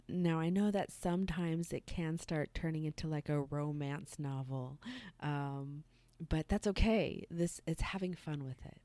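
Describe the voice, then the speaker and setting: Woman, podcast host, low voice, mellow tone, sex-education talk, some words whispered. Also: a little slow, no room sound. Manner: relaxed, unscripted, drops some words to a breathy whisper.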